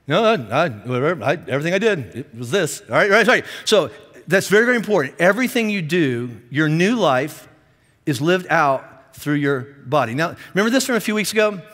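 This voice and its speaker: A man preaching a sermon as a pastor, animated and self-deprecating, joking with the congregation. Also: on the high side, brisk, in a large hall. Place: large church auditorium.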